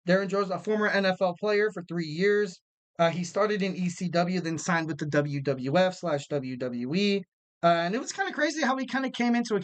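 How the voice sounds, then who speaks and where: Rambling higher-voiced podcast man. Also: a bit bright. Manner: rambling, full of fillers and restarts; acts out quoted people. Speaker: wrestling podcast host. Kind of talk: casual podcast chat.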